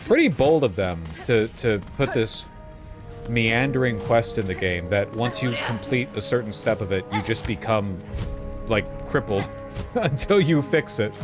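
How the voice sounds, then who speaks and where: A man streams a game, talking casually and with a sarcastic, joking edge. His pitch is animated and jumps around a lot. Game music plays clearly behind him. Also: unhurried. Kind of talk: casual gaming commentary.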